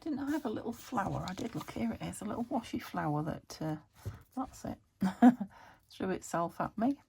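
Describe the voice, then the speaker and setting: Gravelly British woman thinking aloud. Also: mid-range voice, expressive, normal speed, darkish tone. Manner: chatty, thinking aloud, drifting into whispers. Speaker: craft vlogger. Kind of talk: casual narration while crafting.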